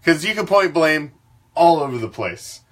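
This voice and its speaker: A man's voice: on the high side, lively intonation, normal speed, a bit bright. A man hosting a fan sports talk show, ranting with a profane, fired-up and emphatic delivery. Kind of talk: fan sports commentary rant.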